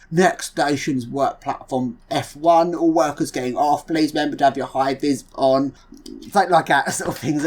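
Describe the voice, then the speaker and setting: Fast, lively woman making a chatty appeal. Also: low-pitched, husky. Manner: chatty, rambling, eager. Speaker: video creator recruiting helpers. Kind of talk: casual vlog appeal.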